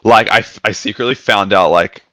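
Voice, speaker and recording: A man in his twenties chatting casually, telling animated stories and acting out the people in them. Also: fairly low pitch, brisk, dry recording. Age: 20s. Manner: animated storytelling, acts out quotes. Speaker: podcast guest. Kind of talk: casual chat.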